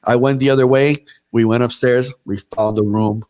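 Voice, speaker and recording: A man's voice: mid-range voice, steady tone, moderate pace, darkish tone. A man casually telling a story on a podcast, swearing freely and acting out what other people said.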